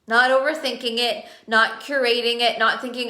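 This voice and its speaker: Bright, eager woman coaching live. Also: a little high, steady tone, normal speed. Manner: enthusiastic, repeats words for emphasis, asks viewers questions. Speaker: business coach running masterminds. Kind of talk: live-stream coaching talk. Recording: roomy echo.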